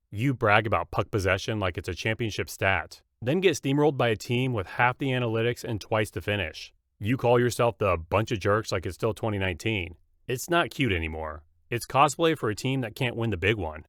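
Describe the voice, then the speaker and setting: A man narrating a scripted comedy roast in a mocking, punchy deadpan. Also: fairly low pitch, dry recording, studio quality.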